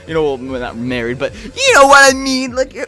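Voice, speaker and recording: A man giving a rambling, excitable casual review of a cartoon episode, often restarting his sentences. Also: high-pitched, normal speed.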